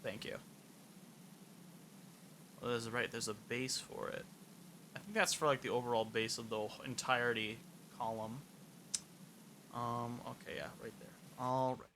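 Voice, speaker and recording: A young man talks his way through a livestream in loose, rambling chat, joking at his own expense. His voice is bright and his pitch sits in the middle, with a faint hum in the background. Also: fairly even intonation, measured pace, pauses often. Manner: rambling and self-mocking, mutters while playing. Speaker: streamer. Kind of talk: casual gameplay chat.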